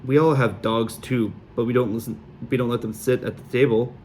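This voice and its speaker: A man's voice: medium pitch, fairly even intonation, fairly quick, a little mellow, a little hiss or hum, close to an everyday voice. A man doing a chortling tipsy nobleman. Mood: mocking. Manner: chortling, bellowing. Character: tipsy beak-nosed nobleman, mocking.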